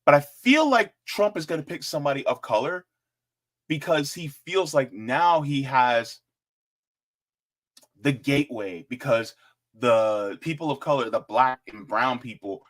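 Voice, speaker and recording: A man hosting casual political commentary in an animated, joking way, with chatty asides. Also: medium pitch, a little slow.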